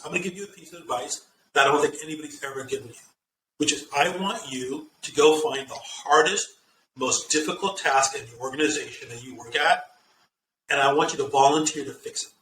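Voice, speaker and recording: A man being interviewed as a guest, telling stories with lively acted-out dialogue and frequent restarts. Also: a little high, fairly quick, a little hiss or hum. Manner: animated storyteller, acts out quoted dialogue, repeats words when starting. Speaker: guest, CEO and author. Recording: roomy, distant sound with faint ambience.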